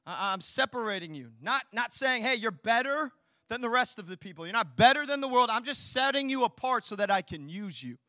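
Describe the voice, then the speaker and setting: A man preaching a sermon as pastor, swinging between hushed, intimate lines and loud, rousing ones, with chatty asides and rhetorical questions. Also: extremely high pitch, animated, fairly quick, no room sound, studio quality.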